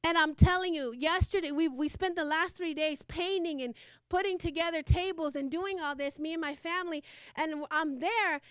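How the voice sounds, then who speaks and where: A woman's voice: sits high, fairly bright tone, no echo, studio quality. A woman preaching a fervent sermon, repeating phrases and laughing between lines.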